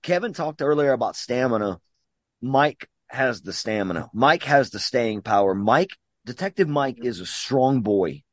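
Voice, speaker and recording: A man hosting a podcast and recapping a film in loose, profane chat. He talks in an excited, joking way. The sound is close and dry, with no room echo. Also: medium pitch, unhurried. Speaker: podcast host. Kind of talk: casual movie-recap chat.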